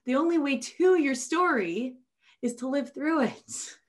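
A woman's voice: high-pitched, animated, measured pace. A woman hosting a podcast, eager and direct, pushing her guest for practical answers. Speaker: podcast host. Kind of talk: casual interview chat.

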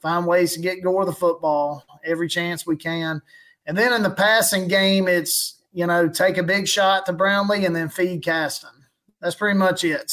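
A man's voice: sits high, fairly bright tone. A man, a guest chatting casually about his football team, rambling and chuckling as he tells stories. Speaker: guest fan podcaster. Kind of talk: casual chat.

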